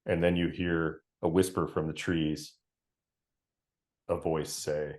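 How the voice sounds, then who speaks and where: Deep-voiced man running a tabletop game. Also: takes it slowly, long pauses. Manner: relaxed, laughs often. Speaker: game master.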